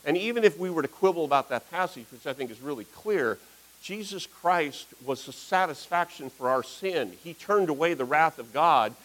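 Animated man preaching a sermon. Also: a little high, normal speed, low-quality recording. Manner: animated storytelling, acts out quoted voices. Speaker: pastor.

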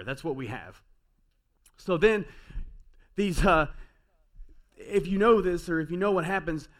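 A male pastor delivering a sermon in an earnest, conversational way, often restarting phrases. His voice sits a bit high for a man, rising to emphatic peaks and dropping to quiet reflection. Soft music plays faintly underneath.

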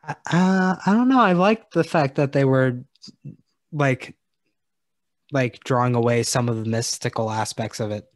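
Male podcast co-host, mid-pitched, laid-back and hedging, dry close recording. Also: a little slow, dry recording. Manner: easygoing, hedging with "like". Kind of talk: casual movie discussion.

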